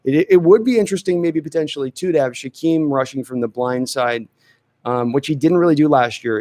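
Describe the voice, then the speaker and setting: A man's voice: medium pitch, darkish tone, no echo. Chatty man hosting a live sports chat. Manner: chatty, thinks aloud with restarts. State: dry throat. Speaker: podcast host answering chat questions. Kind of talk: casual live-stream chat.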